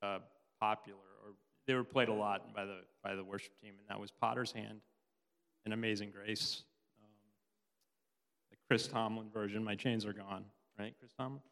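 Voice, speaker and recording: A middle-aged man giving a tearful, halting personal testimony in church. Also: fairly low pitch, steady tone, gravelly, fairly bright tone. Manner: halting, many restarts, laughs often. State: tearful, sobbing at times. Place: church hall. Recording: long hall reverb.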